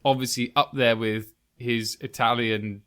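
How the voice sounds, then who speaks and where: A man's voice: medium pitch, steady tone, a little slow, fairly bright tone, clear, resonant tone. Enthusiastic British man, podcast host. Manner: enthusiastic, laughs often. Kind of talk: casual film chat.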